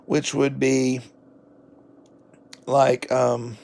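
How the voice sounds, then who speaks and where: A man's voice: mid-range voice, little pitch movement, drawn-out words, vocal fry, a little mellow. A man with a Southern accent giving a rambling, folksy book review vlog, full of fillers and self-corrections. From southern United States.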